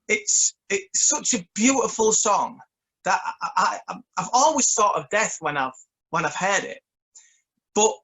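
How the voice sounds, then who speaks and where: Songwriter guy, kinda high bright voice, keeps tripping over his words, chatty. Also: low-quality recording. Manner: stammering, repeats words often. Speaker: songwriter guest. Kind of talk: casual interview chat.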